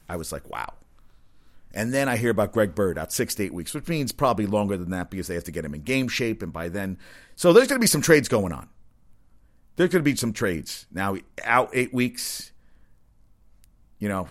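A man hosting a casual sports talk show, ranting bluntly and sarcastically with plenty of profanity. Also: mid-range voice.

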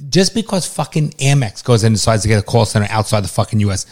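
Man, rapid delivery, blunt profane co-host. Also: lowish voice, expressive, a little mellow. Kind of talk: casual chat.

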